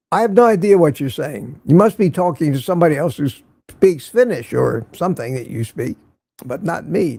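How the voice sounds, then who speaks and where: A man's voice: a little high, creaky, a little mellow, husky, no room sound. A man hosting a casual morning livestream, greeting viewers by name and reading their chat messages, chatty and chuckling often, repeating himself.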